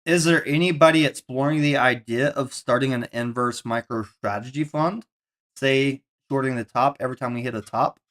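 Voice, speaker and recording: A man's voice: medium pitch, normal speed, a bit bright. Man, live stream host, casual, dry humor, questioning. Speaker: streamer and crypto trader.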